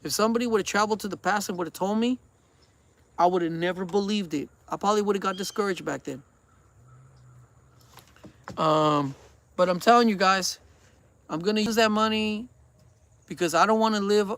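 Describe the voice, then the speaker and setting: Vlogger in his forties with a high voice, earnest and preachy, rambles and repeats himself. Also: brisk, long pauses, fairly bright tone. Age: 40s. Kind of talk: casual rambling chat.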